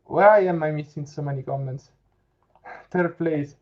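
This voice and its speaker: A man's voice: on the high side, measured pace, highs cut off. A man with an Italian accent hosting a casual live chat, reading viewer comments aloud and laughing often. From Italy. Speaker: livestream host.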